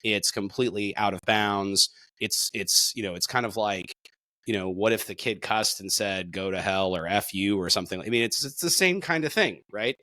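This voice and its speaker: Man, co-host, emphatic talker with a bright forceful edge, dry close sound. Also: normal speed, no room sound. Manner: emphatic, gets sharply louder and higher when making a point. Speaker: podcast co-host. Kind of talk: casual reaction discussion.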